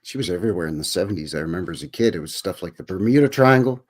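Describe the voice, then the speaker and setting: A man's voice: deep voice, animated, very fast. A man from Alberta with a Canadian accent co-hosting a casual, joking chat. He keeps leaning on "you know" and "right". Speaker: podcast co-host.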